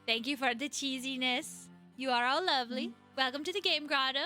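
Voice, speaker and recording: Bubbly high-voiced woman streamer. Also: fairly even intonation, fairly quick, pushed and bright, soft background music. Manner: bubbly, playful greetings. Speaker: streamer and game developer. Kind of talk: casual live-stream chat.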